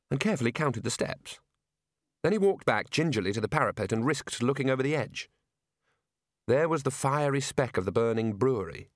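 A man narrating an audiobook in a lively, expressive storytelling manner. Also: mid-range voice, no echo, clean studio sound.

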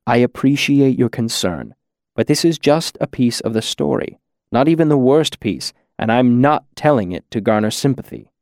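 A man's voice: mid-range voice, expressive, normal speed, a little mellow, no echo, studio quality, close to an everyday voice. A man doing a stern, world-weary innkeeper. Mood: brisk.

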